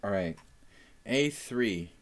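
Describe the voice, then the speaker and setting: A man's voice: fairly low pitch, lively intonation, takes it slowly. A young man chatting casually while analyzing chess moves on a live stream, thinking aloud with fillers.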